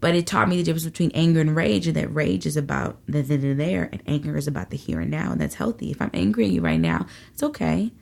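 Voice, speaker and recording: Brief: low-pitched woman, comedian guest, animated and salty storyteller. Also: quick pace, vocal fry. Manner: animated storyteller, profane, acts out quotes. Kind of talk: casual interview chat.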